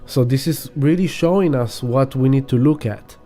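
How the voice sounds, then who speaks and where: Male astrologer with a deep, mellow tone who rambles casually and acts out his examples over soft music. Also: moderate pace. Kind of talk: spiritual teaching monologue.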